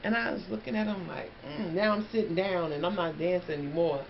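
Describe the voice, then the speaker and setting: A woman telling a story in a casual, animated way, talking straight to her viewers. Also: lowish voice, fairly quick, gravelly. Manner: animated, chatty, addresses listeners as y'all. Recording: dull lo-fi, faint background noise.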